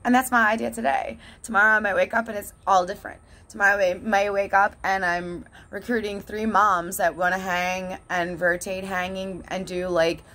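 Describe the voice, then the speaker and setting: A woman's voice: mid-range voice, steady tone, normal speed, hardly any pauses, bright, forceful tone. A woman talking in a casual, candid vlog monologue, swearing often and laughing between thoughts. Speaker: vlogger.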